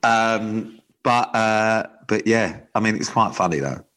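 A man with a lowish voice co-hosting a podcast in a loose, casual chat. He rambles, restarts his sentences and swears freely. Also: slow, fairly bright tone. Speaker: podcast co-host.

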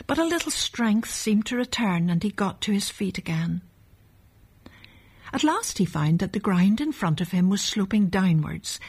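A woman narrating a children's storybook in a gentle, measured way. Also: medium pitch, husky.

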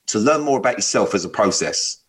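A man's voice: fairly low pitch, animated, a little fast. A man co-hosting a radio dating show, chatting loosely, swearing freely and bantering with his co-host. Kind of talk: casual chat.

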